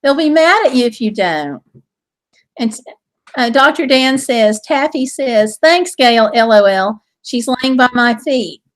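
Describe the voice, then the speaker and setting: A woman's voice: fairly high pitch, animated, unhurried. A woman hosting a casual live stream from home, with a Southern US accent, cheerfully reading viewer comments aloud.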